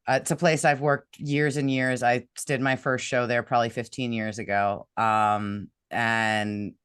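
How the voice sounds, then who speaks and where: A woman's voice: rumbling low, smooth, dry recording. A woman with a New York accent chats as a guest actress. She is easygoing and often laughs at herself, and the recording is dry and close with no room sound. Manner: laughs often, self-deprecating humor. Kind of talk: casual interview chat.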